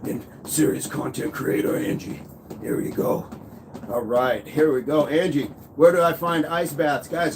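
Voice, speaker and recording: A man in his thirties hosting a live fitness stream, walking on a walking pad as he reads viewer comments aloud in an upbeat, chatty way. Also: on the high side. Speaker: fitness livestream host. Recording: faint background noise.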